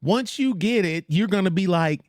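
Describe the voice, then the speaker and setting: A man's voice: high-pitched, lively intonation, moderate pace, a little mellow, dry recording, studio quality. A man hosting a casual livestream, rambling with blunt, trash-talking asides. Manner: mocks others in put-on voices. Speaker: livestream host.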